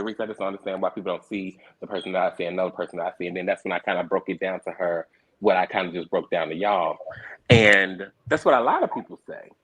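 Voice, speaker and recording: Low husky man, earnest and reflective. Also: fairly bright tone, rough recording. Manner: earnest, reflective, repeats words as he restarts. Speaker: guest, reality show cast member and producer. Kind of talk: candid panel discussion.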